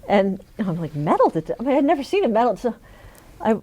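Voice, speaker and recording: A woman's voice: a little high, sing-song, fast, dark tone, slightly rough. A middle-aged woman in an oral history interview, telling a funny story with frequent laughs. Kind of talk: conversational storytelling.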